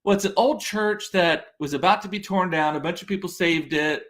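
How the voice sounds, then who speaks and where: A man's voice: sits high, fairly quick, fairly bright tone. A man hosting a podcast, chatting casually and rambling, often interrupting himself as he answers viewers. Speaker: podcast host. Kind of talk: casual chat reading viewer comments.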